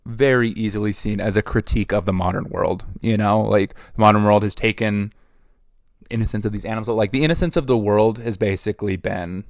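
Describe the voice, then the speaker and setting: A man reviewing comics in a casual chat, thoughtful and animated, with many fillers. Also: lowish voice, dry recording, studio quality.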